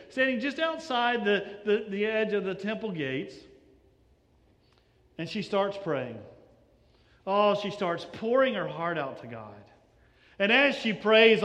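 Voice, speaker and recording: A man's voice: sits high, fairly bright tone, in a large hall. A man preaching a sermon as pastor in a church sanctuary, conversational and often stumbling over repeated words.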